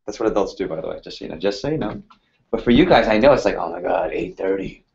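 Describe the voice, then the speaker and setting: A man's voice: fairly low pitch, expressive, racing, gravelly, a little mellow. A man in his thirties leading a sales team workshop, talking casually and energetically and firing rhetorical questions at the room. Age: 30s. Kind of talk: motivational workshop talk. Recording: slightly muffled lo-fi sound.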